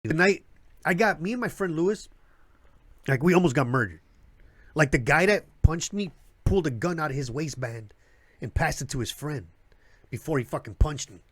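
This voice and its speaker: A man from the south side of Chicago tells rough neighborhood stories as a comedian, his pitch sitting a little high and swinging widely as he acts out each voice. The sound is dry and close, with little room around it. He swears freely and laughs through his own punchlines. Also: expressive, normal speed, long pauses, a bit bright, dry recording. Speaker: guest comedian. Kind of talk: casual storytelling with profanity. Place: live show venue.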